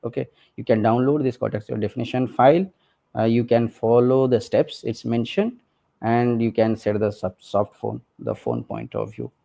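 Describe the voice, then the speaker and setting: A man's voice: mid-range voice, expressive, normal speed, gravelly, mellow. Chatty man walking through a tech demo. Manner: conversational, many fillers and tag questions like "right?" and "okay". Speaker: presenter. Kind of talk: technical walkthrough of a screen demo.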